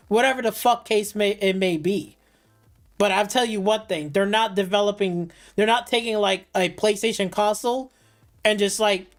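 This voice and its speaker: A woman streamer delivering heated, profane gaming commentary on a live stream, repeating and restarting phrases as she rants. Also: mid-range voice.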